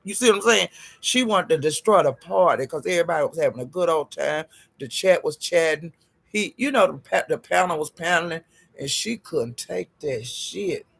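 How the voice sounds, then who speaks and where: A man with a high, deeply gravelly voice dishes gossip to his viewers, sassy and profane. His tone is husky and breathy, and he keeps calling his listeners honey and child as he leaps up in pitch for emphasis. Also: normal speed. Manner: animated, jumps up in pitch for emphasis. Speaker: gossip vlogger. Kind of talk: casual gossip storytelling.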